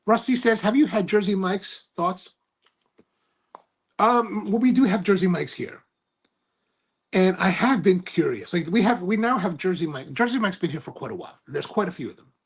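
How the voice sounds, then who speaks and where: Man, livestream host, casual chat, husky voice, slightly high, animated rambling stories. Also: normal speed. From United States. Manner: rambling, self-correcting, animated storytelling. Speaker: cigar review livestream host. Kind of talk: casual livestream chat reading viewer comments.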